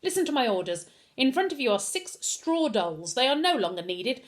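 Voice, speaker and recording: A woman's voice: medium pitch, big pitch swings, moderate pace, natural voice. A woman voicing a cold, controlling villainous male headmaster, clipped and commanding.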